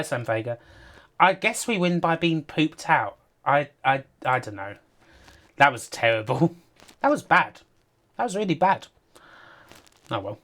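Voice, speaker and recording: A woman's voice: a bass voice, fairly bright tone, breathy edge. A woman giving casual live-stream commentary on games, sardonic and sweary, often laughing. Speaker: game streamer.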